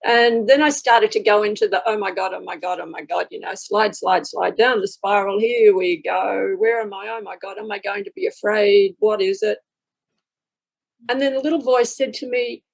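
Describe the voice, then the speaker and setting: Woman, spiritual group sharing, storytelling, fry in the voice, breathy. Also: medium pitch, moderate pace, poor audio. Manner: reflective, storytelling, acts out inner dialogue. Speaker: group discussion participant.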